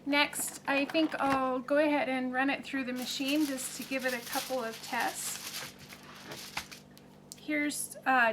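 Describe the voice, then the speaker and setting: A woman's voice: sits high, background noise. A woman hosting a crafting video, demonstrating and explaining in a practical, plain-spoken way with some fillers. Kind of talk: casual demonstration tutorial.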